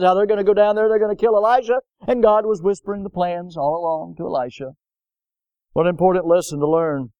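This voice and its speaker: A man's voice: high voice, a little mellow, clean tone, no room sound. A male pastor preaching a sermon, swelling with emphasis and asking the congregation rhetorical questions.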